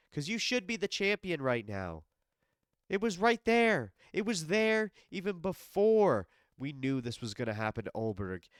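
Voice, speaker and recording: Alone in his home basement studio, a sick, congested podcast host rants loosely in a medium-pitched voice, the recording dry and clean. He's animated and swears a lot, addressing an absent fighter directly.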